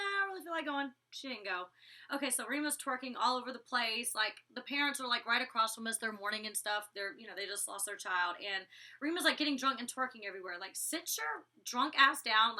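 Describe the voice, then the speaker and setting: A woman's voice: fairly high pitch, sharp tone, far from the mic. A young woman recapping a reality show episode in a casual vlog, gossiping bluntly and swearing as she mimics her castmates.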